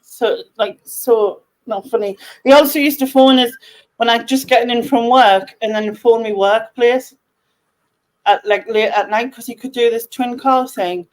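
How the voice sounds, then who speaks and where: A woman's voice: a little high, a little slow, low-quality recording. A woman with a Sunderland accent, the host, chatting and telling stories on a video call at home. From North East England. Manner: giggly, chatty storyteller. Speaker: channel host. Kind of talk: casual chat on a video call.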